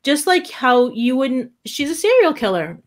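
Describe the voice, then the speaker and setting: Higher-pitched giggly woman podcaster. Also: unhurried. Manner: animated, giggly, filler-heavy. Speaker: podcast co-host. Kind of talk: casual chat.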